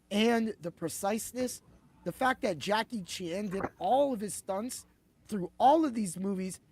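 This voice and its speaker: A man hosting a casual sports betting podcast, talking in an excitable, rambling way, swearing and laughing freely. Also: high voice, gravelly. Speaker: podcast host.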